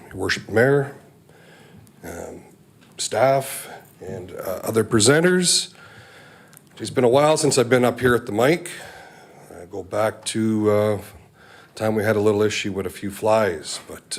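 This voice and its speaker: Low-voiced man addressing town council. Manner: measured, many ums and uhs. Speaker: resident speaking at council meeting. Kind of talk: public comment.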